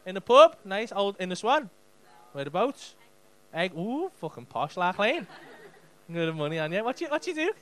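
A man's voice: high-pitched, sing-song, moderate pace, a bit bright. A man in his thirties with a Liverpool accent, doing cheeky, sweary crowd work as a stand-up comedian on a club stage. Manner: cheeky, sweary banter with the audience.

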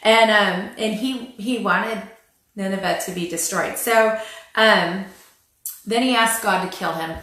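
A woman teaches from scripture in a relaxed, chatty way, with a dry, sarcastic streak and plenty of "um"s. Her pitch sits in a middle range. She is recorded in a very echoey room. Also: unhurried. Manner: frequent "um" fillers and light laughs. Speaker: Christian family Bible teacher. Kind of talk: casual spoken Bible teaching.

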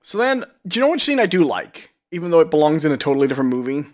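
Higher-voiced man chatting about a film. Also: big pitch swings, very fast. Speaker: podcast co-host. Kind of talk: casual film discussion.

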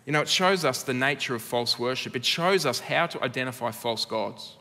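A man's voice: medium pitch, expressive, fairly quick, sharp tone. An Australian man preaching a sermon as pastor, earnest and laced with dry humour. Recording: long reverb of a church hall.

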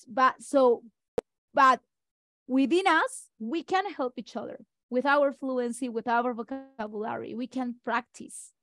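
A high-voiced woman whose first language is Spanish gives an online teacher-training lecture, speaking fast and briskly while addressing colleagues directly. Her tone is fairly bright, and faint music plays behind her.

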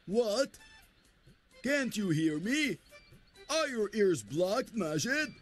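A man voicing a kindly but bossy village elder in a dubbed cartoon, speaking loudly and declaiming. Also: sits high, big pitch swings, takes it slowly, faint music behind, full character voice. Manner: loud, declamatory.

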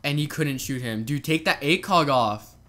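A man giving casual, excitable gameplay commentary, laughing and swearing as he plays. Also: a little high, normal speed. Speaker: gaming video host.

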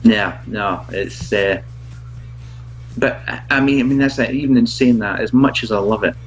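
A man who reviews products, chatting as a guest in a halting, self-mocking way and laughing often. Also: mid-range voice, lo-fi sound, soft background music. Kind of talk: casual video chat.

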